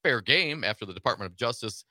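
A man's voice: medium pitch, animated, quick pace, pushed and bright, no room sound. A man co-hosting a casual political talk radio show, laughing often and reading news items aloud. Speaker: radio co-host.

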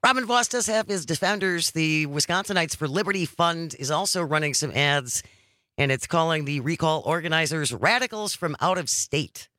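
Lively, bright-voiced male radio co-host. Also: a little high, normal speed, dry recording. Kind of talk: radio talk and show segue. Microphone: studio microphone.

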